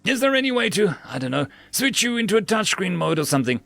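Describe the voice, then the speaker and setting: A man voicing an exhausted, furious crewman who shouts and curses at a machine. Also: high voice, big pitch swings, fast talker, vocal fry, dry recording, voice pushed up, exaggerated voice. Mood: exasperated. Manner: shouting, cursing, exasperated.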